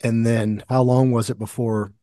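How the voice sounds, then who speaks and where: Man, podcast host, hesitant questions, flat delivery, dry sound. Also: mid-range voice, normal speed, no room sound. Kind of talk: interview questions.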